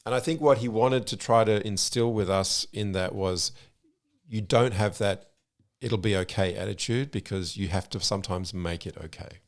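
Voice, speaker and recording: A middle-aged man with an Australian accent, co-hosting a podcast in a relaxed, frank way with casual swearing. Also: fairly low pitch, moderate pace. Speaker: podcast co-host. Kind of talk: casual conversational storytelling.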